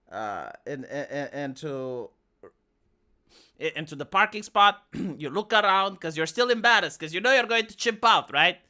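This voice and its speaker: A man's voice: high-pitched, bright, forceful tone. A man live streaming, talking casually and sarcastically to his chat with frequent stammered restarts. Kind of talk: casual rambling stream talk.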